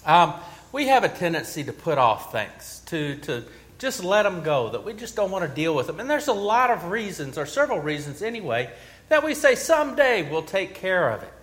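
Male pastor with a somewhat high voice, storyteller who builds emphasis and restarts phrases. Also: big pitch swings, moderate pace, a bit bright. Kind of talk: sermon.

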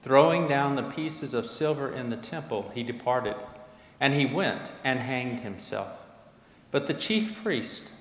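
A man reads the narration of a scripture passage at a steady, solemn pace. His voice sits at an ordinary pitch and carries through a large, echoing church with a long reverb tail. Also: a little slow. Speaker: narrator of a dramatized scripture reading. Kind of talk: liturgical reading. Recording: echoey hall, long reverb.

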